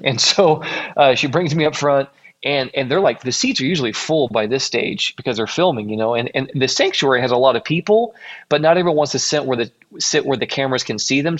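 Young man telling a rambling personal story. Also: mid-range voice. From Illinois, USA. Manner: rambling, self-correcting, acts out quoted voices. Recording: dull lo-fi recording.

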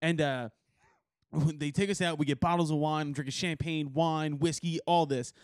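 A man's voice: fairly high pitch, steady tone, moderate pace, no room sound, studio quality. A man hosting a podcast, telling a rambling story in casual chat, laughing often and swearing. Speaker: podcast host. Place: rehearsal studio.

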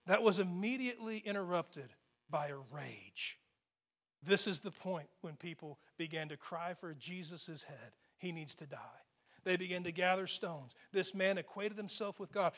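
High-voiced man preaching a sermon. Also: bright, forceful tone. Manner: conversational, emphatic preaching with asides to the congregation. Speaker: pastor. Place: church sanctuary.

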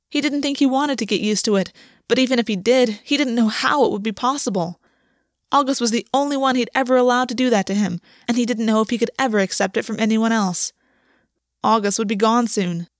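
A woman narrating a story aloud in a measured, steady reading voice. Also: a little high, no echo, clean studio sound. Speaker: audiobook reader. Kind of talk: scripted fiction narration.

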